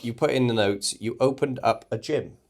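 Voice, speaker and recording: A man's voice: medium pitch, normal speed, a little mellow. A man hosting a podcast, chatting casually and bluntly, swearing freely. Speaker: podcast host. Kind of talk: casual chat.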